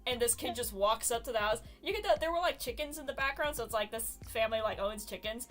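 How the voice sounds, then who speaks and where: A woman streamer chatting casually as she spins stories, animated and quick to giggle. Her voice sits fairly high, with faint music playing behind. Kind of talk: casual chat about fan stories.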